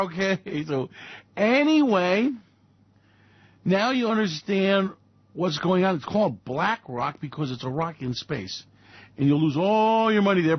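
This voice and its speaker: A man's voice: on the high side, slightly rough, no room sound, muffled recording. A man hosting a radio show, rambling through satirical market commentary in a sarcastic way and slipping into mocking voices.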